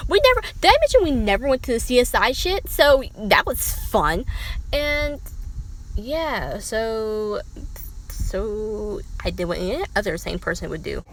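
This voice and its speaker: Casual storytime girl, talks fast n animated, cusses a lot, voice jumps way up for quotes. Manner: animated, swears freely, many "like" fillers; dramatic pitch jumps when quoting people. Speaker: vlogger.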